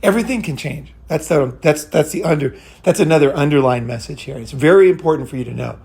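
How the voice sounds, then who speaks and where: A man talks in a loose, unscripted monologue for his own channel, blunt and profane. He circles back on his points, restarts sentences, and keeps checking in with "okay?" His voice sits a little higher than most men's. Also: fast, vocal fry, darkish tone. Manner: rambling and blunt, swears freely, keeps asking "right?" and "okay?". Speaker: channel host giving dating advice. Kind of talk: casual monologue.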